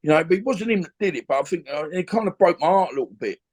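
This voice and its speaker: A man's voice: sits high, animated, racing, a little mellow. A middle-aged man tells a rambling story in an interview, often adding "you know what I mean". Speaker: interview guest, former boxer and gym owner. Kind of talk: conversational storytelling.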